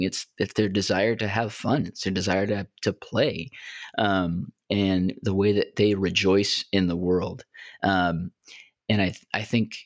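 Earnest low-voiced man co-hosting. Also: no echo, clean studio sound. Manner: earnest, reflective, many fillers. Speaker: podcast co-host. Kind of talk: casual discussion.

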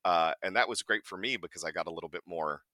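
Male podcast guest, low bright voice, dry close sound, lively storyteller who acts out quotes. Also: fast, dry recording. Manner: animated storyteller, acts out quotes, laughs often. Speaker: voice actor guest. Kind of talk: casual podcast chat.

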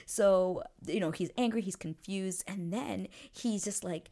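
A woman hosting a casual recap, acting out quoted lines in an animated way with frequent laughs and dips into whispers. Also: lowish voice, normal speed. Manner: animated, lots of likes and laughs, slips into whispers. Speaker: podcast host recapping a TV episode.

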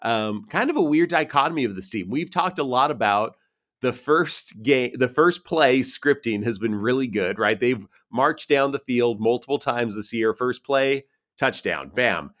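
A man's voice: medium pitch, expressive, fairly bright tone. A man co-hosting a casual sports podcast, chatty and self-mocking, running through lists of numbers. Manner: loose and self-mocking, reads stats in quick lists. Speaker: podcast co-host.

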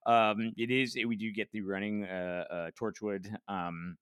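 A man's voice: fairly low pitch, flat delivery, measured pace, fairly bright tone, clear, resonant tone, no room sound, clean studio sound. A man hosting a podcast in casual chat, rambling with many fillers and restarts and acting out quoted lines. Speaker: podcast host.

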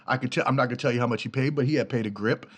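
A man in his thirties from the Washington, D.C. area rambles through his solo podcast from a home studio in his apartment. His medium-pitched, slightly rough voice moves very fast, and he's loose, profane and easygoing, laughing easily. He records on a studio mic through a preamp.

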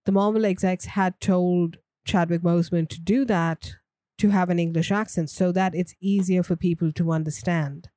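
Low, mellow-voiced woman podcaster. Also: steady tone, normal speed, dry recording, clean studio sound. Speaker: podcast co-host. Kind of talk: casual chat.

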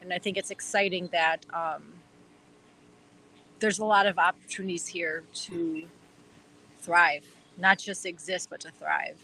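A woman's voice: fairly low pitch, steady tone, unhurried, pauses often, pushed and bright, a little hiss or hum, rough recording. A woman with a Wisconsin accent, chatting eagerly as an interview guest, rambling with lots of fillers. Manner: enthusiastic, rambling with many fillers. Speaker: guest fan. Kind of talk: casual interview chat.

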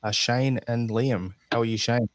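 A man's voice: medium pitch, fairly even intonation, measured pace. A man with an Australian accent hosting a casual podcast chat in a friendly, laid-back way. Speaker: podcast host.

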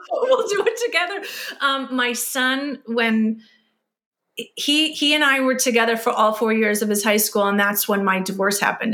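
A middle-aged woman hosting a podcast, chatty and emotional as she shares stories about her kids. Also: fairly high pitch. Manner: warm-hearted, emotional, chatty. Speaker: podcast host. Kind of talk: conversational interview.

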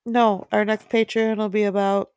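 A woman's voice: medium pitch, little pitch movement, normal speed, a little mellow, smooth, dry recording, studio quality. A woman co-hosting a casual podcast chat, giggly and rambling, pressing her points with emphasis. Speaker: podcast co-host.

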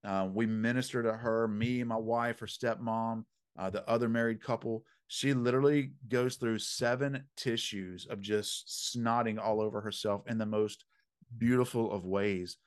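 A man telling a story as an interview guest, animated and emphatic, with punchy slang and preacherly phrasing. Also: on the low side, moderate pace, clear, resonant tone. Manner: preacherly, faith-filled phrasing. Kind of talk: conversational storytelling.

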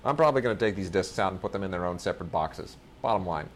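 This podcast co-host has a low, expressive voice and talks fast. Casually discussing home video releases, he rambles with enthusiasm and a bit of self-mockery about his film collection.

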